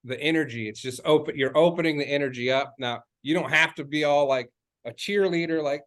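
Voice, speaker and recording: A man's voice: fairly high pitch, brisk, fairly bright tone. A man, a real estate agent, giving a casual coaching talk, rambling and chatty with many fillers and restarts, repeating key phrases for emphasis.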